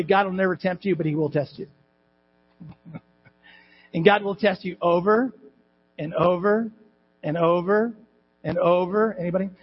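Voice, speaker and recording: A male pastor preaching a sermon in church, animated and emphatic, with rhetorical questions to the congregation. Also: sits high, husky, big-room sound, dull audio. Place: church hall.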